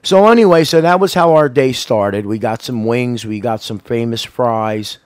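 A man co-hosting a casual radio show, rambling loudly and swearing constantly between laughs. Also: mid-range voice, moderate pace, clear, resonant tone, no room sound, clean studio sound. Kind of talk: casual profane radio banter.

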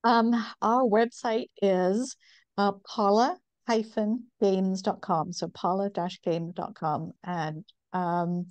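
Mellow-voiced northern English woman. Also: mid-range voice, fairly even intonation, dry recording. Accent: northern English, softened by decades in the US. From northeast England. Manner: measured, explanatory, many ums. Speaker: guest, women's health company founder. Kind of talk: interview conversation.

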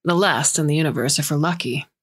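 A woman's voice: low-pitched, quick pace, husky. A woman reading the part of a cold, accusing male health inspector who lectures insistently.

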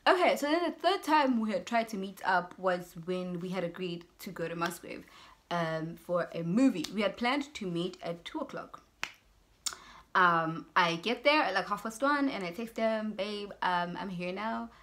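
A woman's voice: medium pitch, moderate pace. A young South African woman telling a personal story in a casual vlog, acting out both sides of the conversations. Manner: animated, switches into Zulu phrases, acts out both sides of conversations. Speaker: YouTuber.

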